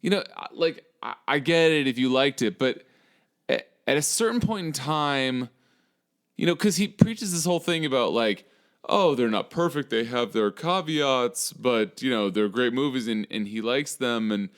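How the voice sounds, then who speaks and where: A man's voice: mid-range voice, lively intonation, normal speed, smooth. A young man co-hosting a podcast in casual chat, profane and sarcastic, rambling with lots of fillers. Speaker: podcast co-host.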